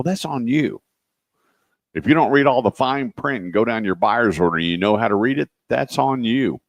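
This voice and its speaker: A man with a low, deep voice hosts a car radio show, chatting loosely and telling folksy stories in which he acts out the voices of the people involved. The studio sound is dry and close, with no room echo. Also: sing-song, a little fast. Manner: folksy storyteller acting out quoted voices. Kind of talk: casual radio talk.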